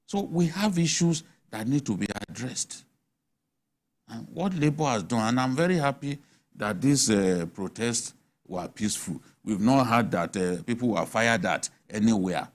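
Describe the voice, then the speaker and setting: Emphatic Nigerian man on a panel. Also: mid-range voice. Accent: Nigerian English. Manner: emphatic, argumentative, rhetorical questions. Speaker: panel guest. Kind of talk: animated studio panel discussion. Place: TV studio.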